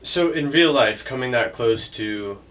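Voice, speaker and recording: A man's voice: mid-range voice, animated, unhurried, fairly bright tone. A man interviewing a guest casually, mostly giving brief reactions and short questions. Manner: brief backchannel replies. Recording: distant mic with faint noise.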